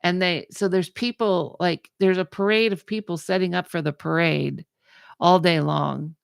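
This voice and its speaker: A woman with a low, gravelly voice tells a story on a podcast in easy, chatty talk. She acts out the people in it as she goes. The sound is close and dry. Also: fairly even intonation, normal speed, no room sound. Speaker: podcast host. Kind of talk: casual storytelling chat.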